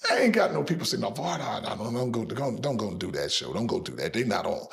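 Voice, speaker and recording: Boastful gravelly middle-aged man. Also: fairly low pitch, fast. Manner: boastful, lively, acts out quoted voices. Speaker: interview guest. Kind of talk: animated storytelling in an interview.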